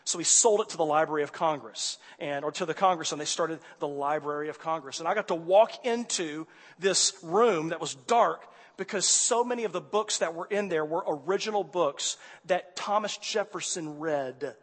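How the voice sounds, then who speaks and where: A male preacher tells a story from the pulpit, his voice sitting high and swinging from hushed asides to loud exasperation. His words ring out with a long reverb, as in a large hall. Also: moderate pace, husky. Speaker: pastor. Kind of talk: sermon storytelling.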